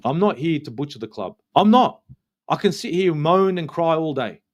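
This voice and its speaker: Aussie guy doing a fired-up football review, kinda high voice, swears a lot, keeps repeating himself. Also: lively intonation, a little fast, lo-fi sound. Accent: Australian. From Australia. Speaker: football channel host. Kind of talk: heated fan match review.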